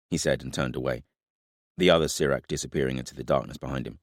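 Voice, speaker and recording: A man narrating a fantasy audiobook in a measured, dramatic reading. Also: very deep voice, no echo, studio quality.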